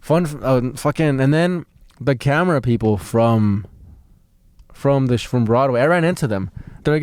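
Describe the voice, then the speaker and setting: A man tells a story on a podcast in a loose, profane, animated way. His voice leaps up high when he mimics other people. The sound is close and dry, with no room echo. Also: fairly quick. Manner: animated, swearing, acts out voices. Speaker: podcast co-host, stand-up comedian. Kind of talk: casual storytelling chat.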